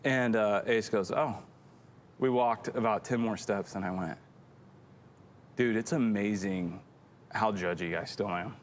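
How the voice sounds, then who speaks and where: Low-voiced rambling storytelling man. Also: unhurried, pauses often, a little hiss or hum. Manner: rambling, self-deprecating storyteller. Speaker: church show co-host. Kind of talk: casual faith chat.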